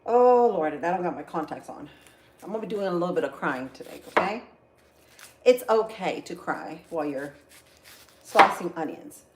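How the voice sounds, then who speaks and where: A woman's voice: fairly low pitch, animated, moderate pace. A woman hosting a casual cooking livestream, chatting with viewers as she slices vegetables and often exclaims "oh Lord". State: teary from onions. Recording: echoey kitchen, faint noise.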